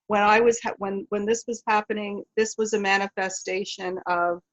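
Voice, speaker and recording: A woman's voice: medium pitch, fairly even intonation, moderate pace, a bit bright, dull audio. A woman in a webclass, thinking aloud and thanking the hosts with enthusiasm over a video call. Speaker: webclass participant. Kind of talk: casual chat.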